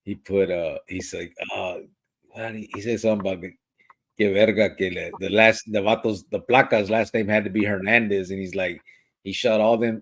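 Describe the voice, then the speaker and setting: A man, co-hosting a casual live podcast, reading viewer comments and swearing freely. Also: lowish voice. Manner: laid-back, reads viewer comments aloud, swears, mixes in Spanish slang. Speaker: podcast co-host. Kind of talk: casual live-stream chat.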